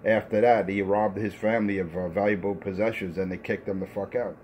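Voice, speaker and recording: A man's voice: fairly low pitch, steady tone, brisk, a little mellow, slight background noise. A man trash-talking over the radio, taunting and repeating himself, with plenty of profanity. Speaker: CB radio talker.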